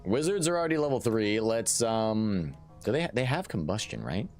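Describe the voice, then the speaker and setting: A man streaming a strategy game live, commentating in an excitable, jokey way and often restarting his sentences. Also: lowish voice, normal speed, soft background music. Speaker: gaming streamer.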